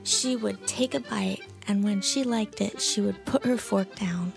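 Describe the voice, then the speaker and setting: Animated storytelling woman podcast host. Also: mid-range voice, measured pace, vocal fry, faint music behind. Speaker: podcast co-host, magazine editor. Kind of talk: casual podcast chat.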